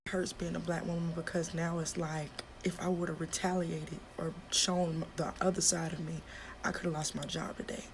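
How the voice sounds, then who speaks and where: Young woman, upset vlog told into a phone at work, low voice, clear background noise behind her. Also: level tone. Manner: upset, close to tears, talking fast. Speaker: hotel front desk worker. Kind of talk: vlog storytime. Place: at work in a hotel.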